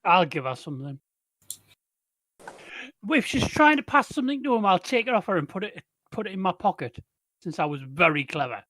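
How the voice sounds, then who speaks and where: A man's voice: high voice, big pitch swings, brisk, long pauses, bright, forceful tone, no room sound. An older man playing a tabletop game, cheeky and scheming. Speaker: player. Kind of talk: casual tabletop play.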